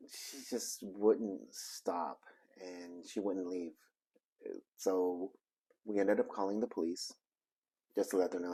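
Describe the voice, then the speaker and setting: A man casually telling a story from his reselling business, rambling and halting with many fillers and restarts. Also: sits low, darkish tone, husky. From Arizona, United States.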